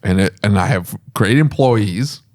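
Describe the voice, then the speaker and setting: A middle-aged man, a shop owner, chatting casually on a podcast and telling rambling, animated stories. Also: fairly low pitch, a little slow. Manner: rambling, animated storytelling with laughs.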